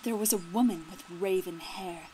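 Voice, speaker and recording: A woman reading as a soft-spoken young outlaw leader. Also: lowish voice, normal speed, a little hiss or hum, close to an everyday voice, low-quality recording. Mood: dreamy. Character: young male outlaw leader, earnest dreamer.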